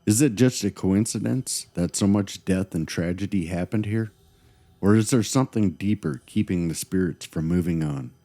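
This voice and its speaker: A man with a very deep, mellow, gravelly voice co-hosts a scripted paranormal podcast. He relates ghost stories with dramatic pauses and a playful, teasing edge.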